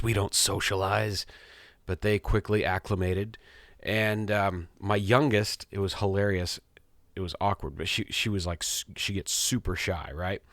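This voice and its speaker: A man's voice: on the low side, no echo, studio quality. A middle-aged man hosting his podcast, telling a story in a rambling, self-amused casual monologue. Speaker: podcast host. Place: small home studio.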